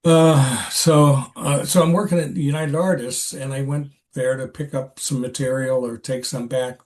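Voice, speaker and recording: An older man, an actor who is a guest on a podcast, describes an old experience during a laid-back interview. He talks with a medium-pitched voice in a faltering, wandering way, full of fillers and restarts as he circles around.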